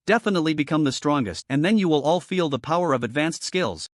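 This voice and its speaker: A man's voice: fairly high pitch, animated, fast, dry recording, clean studio sound, natural voice. A man voicing a boastful young male dog beast who vows to grow stronger, speaking with determination. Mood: determined. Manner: determined, vowing.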